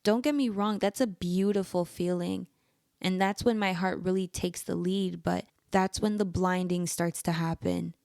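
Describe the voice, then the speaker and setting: A woman's voice: lowish voice, steady tone, moderate pace, creaky, darkish tone, no echo, clean studio sound. A young woman hosting a podcast, earnestly giving relationship advice straight to the listener in an encouraging way. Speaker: podcast host. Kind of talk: personal advice monologue.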